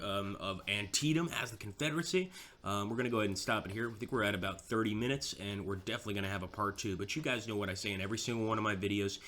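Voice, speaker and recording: A man's voice: lowish voice, fairly bright tone, slight background noise. A man giving casual, chatty commentary over a strategy game, mocking himself now and then.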